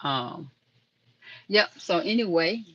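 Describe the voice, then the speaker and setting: A woman's voice: lowish voice, expressive, slow pace, sharp tone, lo-fi sound. A woman hosting a casual live stream, chatting and rambling to viewers in the chat. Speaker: livestream host.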